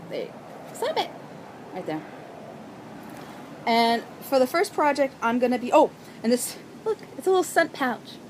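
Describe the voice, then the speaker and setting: Brief: young woman, chatty and excitable knitting vlogger, faint outdoor hiss behind. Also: mid-range voice, rough recording. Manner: bubbly, gushing, chatty. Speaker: knitting podcast host. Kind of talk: casual chat.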